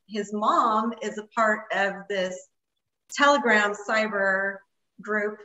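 A woman's voice: medium pitch, pushed and bright, echoey room, poor audio. A woman guest telling a story in casual conversation, rambling with lots of fillers. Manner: rambling, many fillers like "like" and "you know". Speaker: interview guest.

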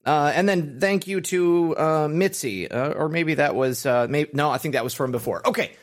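A man's voice: on the high side, moderate pace. A man hosting a live political stream, casually reading out viewer comments with frequent fillers. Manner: rambling, reads names with fillers.

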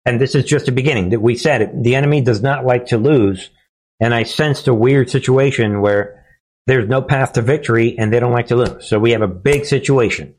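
Guy running his own commentary channel, mid-pitched voice, punchy and emphatic, talks right at viewers, lots of catchphrases and restarts. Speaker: host of a political commentary channel. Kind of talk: casual monologue commentary.

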